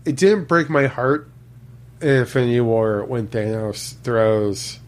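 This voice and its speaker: A man with a mid-range voice co-hosts a laid-back podcast chat. He talks slowly and loosely, with plenty of ums and uhs as he thinks aloud. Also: medium pitch, lively intonation. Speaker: podcast co-host. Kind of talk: casual chat.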